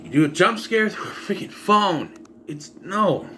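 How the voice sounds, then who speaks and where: A man's voice: high voice, animated, unhurried, sharp tone, slight background noise. A young man casually reviewing a movie in a rambling, sarcastic way, often restarting his sentences.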